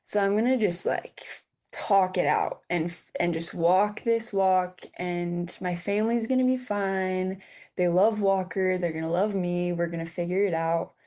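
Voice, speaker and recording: This woman in her twenties has a lowish voice with a dark tone. Appearing on a podcast, she tells a personal story haltingly, restarting and using fillers often, and she sounds near tears.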